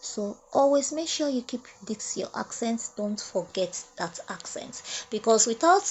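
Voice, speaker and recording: A woman teaching French grammar at a whiteboard, repeating each phrase slowly and explaining step by step. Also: on the high side, animated, slight background noise. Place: classroom at a whiteboard. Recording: dull lo-fi sound.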